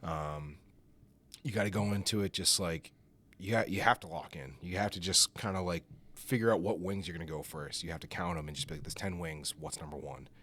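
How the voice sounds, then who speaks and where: A man's voice: low-pitched, fairly quick, fairly bright tone. A man guesting on a podcast, telling stories in a rambling, casual way full of fillers. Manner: rambling, filler-heavy storytelling with laughs. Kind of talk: casual chat.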